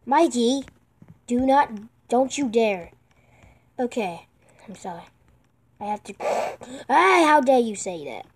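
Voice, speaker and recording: A woman giving excitable let's-play commentary while gaming online with friends, yelping, pleading with the game and repeating herself. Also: a little high, slow, long pauses, breathy edge. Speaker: gamer playing online with friends.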